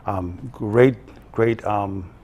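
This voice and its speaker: A man, a production company co-owner interviewed on a live morning show, talking haltingly with many ums and restarts. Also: lowish voice, mellow, husky. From Belize.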